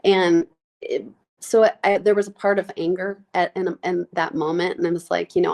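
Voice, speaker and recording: A woman guest recounting her life in a podcast interview, her voice on the lower side. She speaks haltingly and with feeling, full of fillers and restarts, sounding close to tears. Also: little pitch movement, a little mellow. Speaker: nurse practitioner guest. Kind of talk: candid personal interview.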